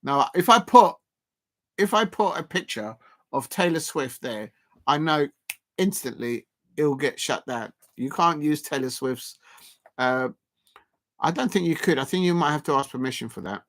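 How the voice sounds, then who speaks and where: A man's voice: fairly high pitch, animated, moderate pace, a bit bright. Chatty man hosting a livestream. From South London. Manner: rambling, chatty, reads and answers viewer messages. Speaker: livestream host. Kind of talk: live football watchalong chat.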